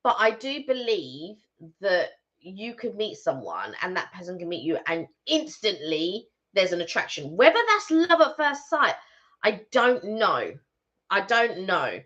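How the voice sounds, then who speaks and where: Bright-voiced chatty woman. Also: mid-range voice, measured pace. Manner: chatty, animated, rambling with restarts. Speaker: co-host of a live stream. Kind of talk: casual live-stream chat. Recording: dull lo-fi stream audio.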